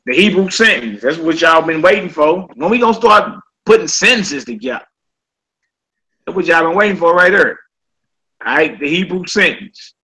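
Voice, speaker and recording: A man's voice: fairly high pitch, animated, normal speed, bright, forceful tone, slightly rough, poor audio. A man teaching a casual Hebrew vocabulary class. He often checks in with "all right?" and repeats each word.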